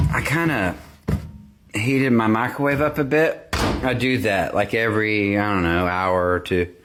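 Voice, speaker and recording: Here the speaker has a medium-pitched, slightly bright voice as he rambles through a home baking vlog with small side comments. It's casual chat from an indoor home baking room, picked up by a phone or at times earbuds.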